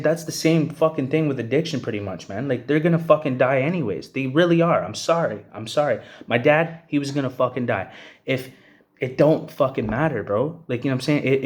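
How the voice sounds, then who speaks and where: An angry young man from Canada, ranting bluntly and profanely to the camera and tossing in "bro" and "you know what I'm saying". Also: mid-range voice. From Hamilton, Ontario, Canada. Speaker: vlogger. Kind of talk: angry personal rant to camera.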